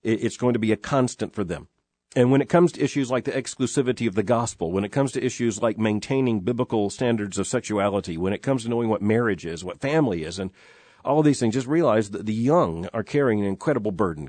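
A middle-aged man hosts a reflective radio show from a studio, speaking earnestly and emphatically with plenty of "uh" fillers. His lowish, darkish voice moves quickly with lively intonation, picked up on a studio microphone with no echo.

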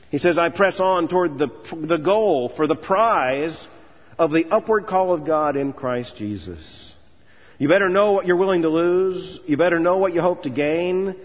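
A man's voice: on the high side, slightly rough. A man preaching an earnest commencement sermon, telling stories and building to emphatic lists. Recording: dull sound with long hall reverb.

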